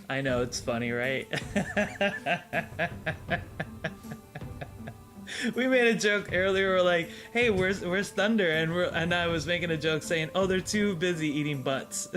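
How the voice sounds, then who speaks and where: A man's voice: a little high, fairly bright tone. A man hosting a gaming video, telling a battle story in a chatty way, laughing often and filling with "uh" and "like". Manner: chatty, laughs often, many fillers and restarts. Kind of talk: casual gameplay storytelling.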